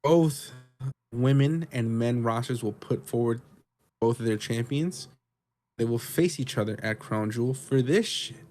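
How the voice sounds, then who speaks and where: Male co-host, casual recap chat, swears often, rambles with excitement. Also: mid-range voice, measured pace, a little hiss or hum. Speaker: podcast co-host.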